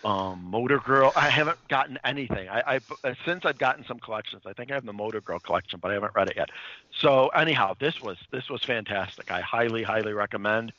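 A man's voice: medium pitch, fast, bright, forceful tone, dry recording, dull audio. A man retelling a comic's plot in a casual chat, rambling with many fillers and restarts. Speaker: comics podcast co-host.

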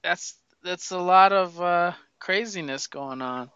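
A man talks comics in loose, profane banter, laughing easily and tripping over his words. His voice is bright and crisp, a little higher than most. The recording is dry and slightly dull, lo-fi. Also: takes it slowly, no room sound. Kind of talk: casual comic book chat.

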